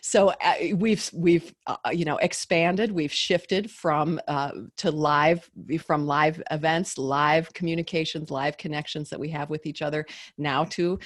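A woman hosting a business interview over a video call, her voice sitting on the lower side. She asks her questions with eager enthusiasm, restarting phrases and scattering fillers as she goes. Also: steady tone, unhurried, hardly any pauses. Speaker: host. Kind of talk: conversational interview.

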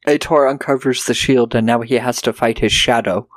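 A man's voice: mid-range voice, steady tone, moderate pace, no room sound. A man co-hosting a casual film review podcast, swearing freely and acting out characters' lines as he recaps. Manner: profane, jokey, acts out characters' lines. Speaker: podcast co-host.

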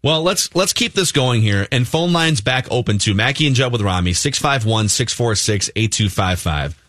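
A man's voice: on the low side, fairly bright tone, dry recording, studio quality. A man co-hosting a sports talk radio show, chatting casually and reading live ads in a conversational way.

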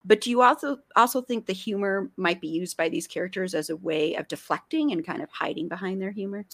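A woman hosting a casual interview, agreeable and quick to laugh. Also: mid-range voice, fairly bright tone. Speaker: interviewer host.

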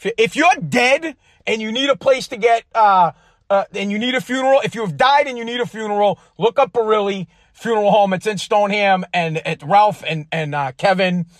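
High-voiced profane ranting podcast man. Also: a little fast, no room sound, clean studio sound. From Massachusetts. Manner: profane, rambling, combative. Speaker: podcast host. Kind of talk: casual political rant.

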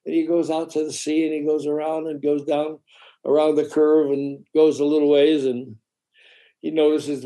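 A man's voice: a little high, normal speed. A man telling a story in casual chat, acting out the voices of his characters and swearing now and then. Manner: animated, acts out the voices of characters in his stories.

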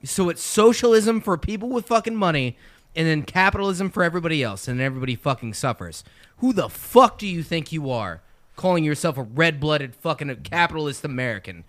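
A man's voice: a little high, lively intonation, brisk, fairly bright tone. A man ranting angrily in a casual podcast chat, swearing constantly. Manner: profane angry ranting.

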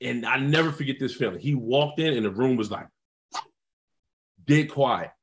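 A man, a former football player and guest, telling a story in a casual, animated way, swearing freely. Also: medium pitch, normal speed.

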